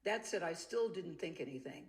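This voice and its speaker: A woman's voice: lowish voice, a little fast. A woman telling a personal story in an interview clip, acting out the voices she quotes. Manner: animated, acts out the quoted voices. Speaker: interview guest.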